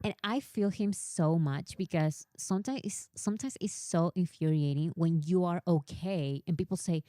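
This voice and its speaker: Woman, live-stream host, animated fan chatter, mellow low-ish tone, dry close sound. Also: moderate pace, hardly any pauses, no room sound. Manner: chatty, animated, reads quotes aloud.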